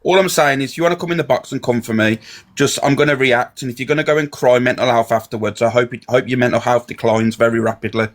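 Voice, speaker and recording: A man's voice: mid-range voice, fairly even intonation, fast talker. A man ranting in a heated live chat, confrontational and swearing. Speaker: live stream guest.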